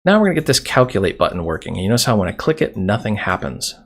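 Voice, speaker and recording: A man's voice: fairly low pitch, sing-song, racing, breathy edge. A man teaching a coding tutorial over a screen recording, talking casually and joking while he types. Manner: casual, chatty, jokes while typing code. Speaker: programming instructor.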